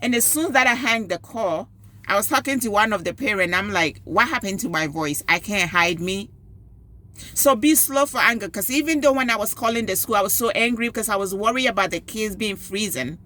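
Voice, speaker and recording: A woman and school parent telling a story with animated emphasis, giving advice in a personal video. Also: fairly high pitch, fairly quick. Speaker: parent and PTO volunteer.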